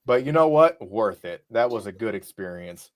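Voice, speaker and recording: A man co-hosting a casual podcast, telling a rowdy story with lots of swearing and laughter, and loudly acting out the other people's lines. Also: fairly low pitch, expressive, normal speed. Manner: profane, laughing, acts out quotes loudly. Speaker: podcast co-host. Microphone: podcast mic.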